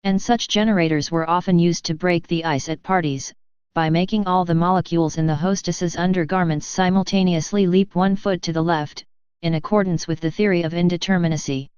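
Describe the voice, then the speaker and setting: A woman reading a radio script aloud, stage directions included, in a flat, even way. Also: fairly low pitch, fairly quick, clear, resonant tone, dry recording, lo-fi sound. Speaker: script reader.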